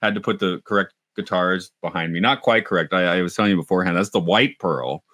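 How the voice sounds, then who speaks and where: Guy cohosting a podcast, chatty, keeps laughing, kinda low voice, dead dry room. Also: fast talker, pushed and bright, no room sound. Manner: chatty, laughs often, trails into restarts. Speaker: podcast co-host. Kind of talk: casual chat.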